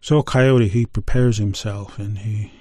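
A middle-aged man telling a traditional creation story in an unhurried, conversational way, with fillers and restarts. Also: on the low side, steady tone, a little mellow, no echo, clean studio sound. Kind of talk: oral storytelling of a traditional tale.

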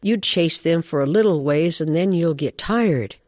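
A man's voice: a little high, no room sound, studio quality, pitched above the performer's own voice, close to an everyday voice. A man voicing a wise, elderly female owl who leads a council, speaking firmly and with measure. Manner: firm, measured. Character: wise old female owl, leader of the animals.

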